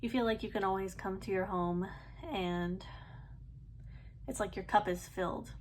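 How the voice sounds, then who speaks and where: A woman's voice: medium pitch, normal speed, a little hiss or hum. A woman giving a casual, chatty tarot reading to her viewers, with loose fillers and a slightly itchy throat. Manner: chatty, relaxed, many fillers and soft laughs. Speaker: tarot reader.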